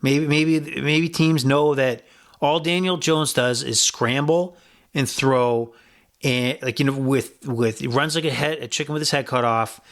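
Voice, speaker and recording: A man's voice: medium pitch, steady tone, unhurried, fairly bright tone. A man hosting a sports betting podcast, giving blunt, rambling picks with profanity and frequent restarts. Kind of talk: casual sports betting talk.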